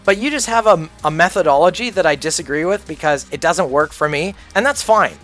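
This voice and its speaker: A man's voice: on the high side, lively intonation, fairly quick, a bit bright, faint music behind. A man livestreaming a game, ranting casually in a blunt, profane, opinionated way. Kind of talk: casual rant while gaming.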